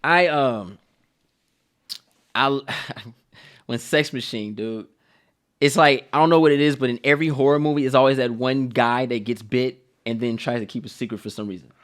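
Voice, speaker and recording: A man hosting a casual movie review chat, telling scenes in an animated way with heavy slang. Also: medium pitch, normal speed, clear, resonant tone. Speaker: channel host.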